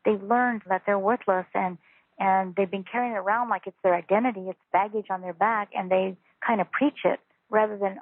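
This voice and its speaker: A woman teaching spiritual ideas down a phone line, her voice gravelly and husky. She talks earnestly and emphatically, repeating phrases to drive them home. The sound is tinny and dry, like a phone call. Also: mid-range voice, steady tone, brisk, no room sound. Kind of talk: phone interview.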